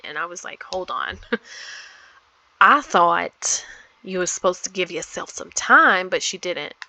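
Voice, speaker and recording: This woman's lowish voice is bright and forceful, recorded with no echo. She's a gameplay vlogger giving chatty, meandering commentary on a life-simulation game, peppered with plenty of ums.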